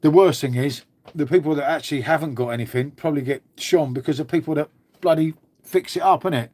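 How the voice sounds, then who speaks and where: A man chats casually on a live stream, matey and loose, with the odd swear word thrown in. His voice sits a little higher than most men's, and he keeps answering the viewers as he goes. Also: quick pace, a little mellow. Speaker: beer channel host.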